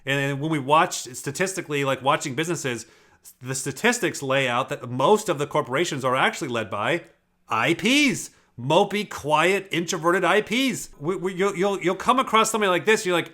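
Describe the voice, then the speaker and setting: A man's voice: fairly high pitch, a little fast, pushed and bright. A man giving casual commentary on video clips, explaining in an emphatic, profane way. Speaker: personality typing commentator.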